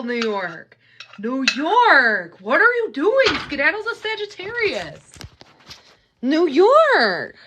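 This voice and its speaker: A woman chats to her live-stream viewers while she cooks in her kitchen, teasing them and scolding them playfully. Her pitch sits a little high and swings about a lot, and she drags her words out slowly. Dishes and cutlery clatter clearly behind her. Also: very animated, background noise. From Canada. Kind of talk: casual live-stream chat while cooking.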